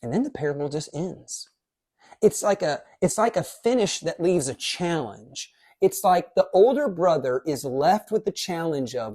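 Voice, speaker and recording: A pastor giving a casual devotional teaching in a lively, conversational way, dropping quick asides. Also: medium pitch, breathy edge.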